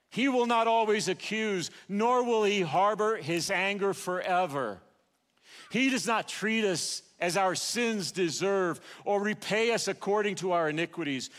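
A man preaching from the pulpit with a fairly high voice. He builds with fervor and then falls back to a soft, hushed tone for prayer. His words ring out with a long echo through the church sanctuary. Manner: impassioned, swelling then dropping to a hushed prayer. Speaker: pastor. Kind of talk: sermon and closing prayer.

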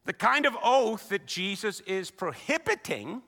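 A man preaching a sermon as a pastor, conversational and animated, acting out the voices of the people he quotes. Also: high voice, unhurried. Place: church sanctuary. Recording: long reverb of a large hall.

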